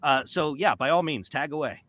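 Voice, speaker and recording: Jokey voice actor guy on a podcast, bright and kinda high, dead dry sound. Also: normal speed, no room sound, highs cut off. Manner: playful, jokey, animated. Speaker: voice actor guest. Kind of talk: casual podcast chat.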